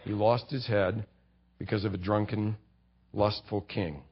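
A man preaching a sermon in a conversational way, acting out short quotes and dropping low for emphasis. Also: steady tone, unhurried, breathy edge, highs cut off. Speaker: pastor.

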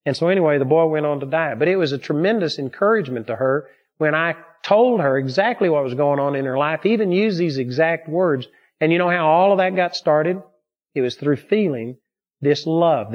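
Earnest preacher man, slightly high voice. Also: normal speed. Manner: earnest, steady storytelling. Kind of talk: sermon teaching with personal stories. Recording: dull lo-fi recording.

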